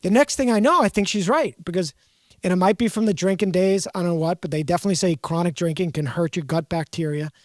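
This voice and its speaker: A woman's voice: fairly low pitch, fast talker, no echo, studio quality. A woman with a Boston accent chatting casually, a rambling storyteller who loves puns. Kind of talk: casual chat.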